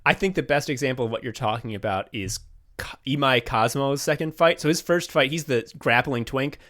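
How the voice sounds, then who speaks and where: Excitable profane man podcasting. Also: mid-range voice, fairly quick. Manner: excited, profane, acts out characters in quotes. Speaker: podcast co-host. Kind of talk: casual chat.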